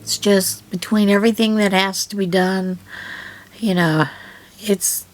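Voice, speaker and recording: Middle-aged lady vlogging her mail, slow and rambly, lots of ums. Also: lowish voice, fairly even intonation. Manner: unhurried, rambling, frequent pauses and fillers. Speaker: yarn channel host. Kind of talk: casual unboxing chat.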